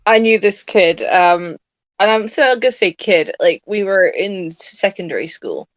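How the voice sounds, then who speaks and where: A woman's voice: mid-range voice, lively intonation, unhurried, no room sound. A woman in her late twenties co-hosting a casual chat, sleep-deprived, rambling and laughing often. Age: late 20s. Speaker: podcast co-host.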